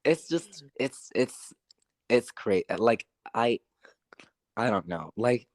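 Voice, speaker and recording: A man's voice: medium pitch, lively intonation, slow pace, no echo, clean studio sound. A man co-hosting a podcast, ranting in a frustrated, rambling way and repeating that he doesn't know. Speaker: podcast co-host. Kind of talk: casual movie review chat.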